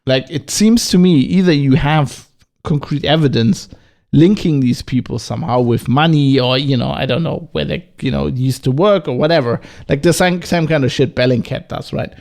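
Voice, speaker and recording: A man's voice: mid-range voice, normal speed, darkish tone. A man with a German accent hosting a solo podcast, talking in a casual, agitated way, swearing and firing off rhetorical questions. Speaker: podcast host.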